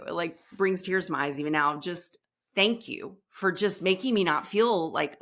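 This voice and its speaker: Therapist lady on a podcast, low voice, super expressive, acts stuff out. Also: normal speed. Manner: expressive, acts out quotes, emphatic. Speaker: guest therapist and author. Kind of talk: casual interview chat.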